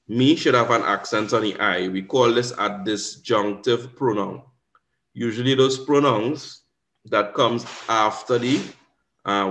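A man's voice: lowish voice, fairly bright tone. A man with a Caribbean accent teaching an exam revision lesson, explaining patiently and often checking in with "right?". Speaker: Spanish teacher.

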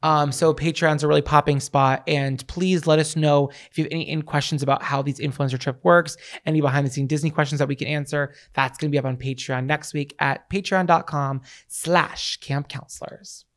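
A woman co-hosting a podcast in casual chat, her voice raspy and worn. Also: low voice, fairly even intonation, brisk, hardly any pauses. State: raspy, tired voice. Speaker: podcast co-host.

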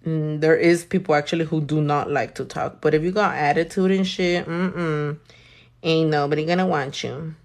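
A woman's voice: low-pitched, fairly even intonation, normal speed. A young woman doing her nails while chatting with live viewers, blunt and sassy, swearing often. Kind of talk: casual chat with live viewers.

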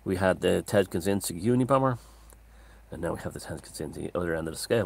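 Man, very low pitch, casual monologue, opinionated, rambling, restates points. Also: expressive, fast, gravelly, breathy edge. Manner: discursive and opinionated, circling back to restate points. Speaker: author and commentator hosting his own channel.

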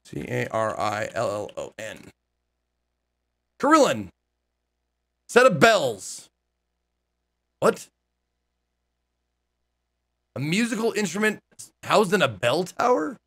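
A man's voice: fairly high pitch, wildly swooping pitch, slow, creaky, long pauses, a bit bright. A man streaming a horror game, chatting and joking in casual commentary. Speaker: gaming streamer. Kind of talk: casual let's-play commentary.

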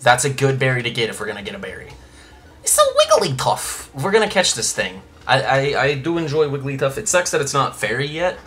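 A man's voice: medium pitch, animated, fast, hardly any pauses, bright, forceful tone. A young man hosting a casual Let's Play, chatting and rambling with lots of restarts and side comments.

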